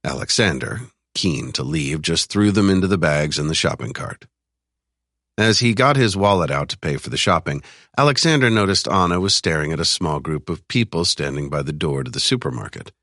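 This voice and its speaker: A man narrating a thriller audiobook in an even, measured reading style. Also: rumbling low, dry recording, clean studio sound.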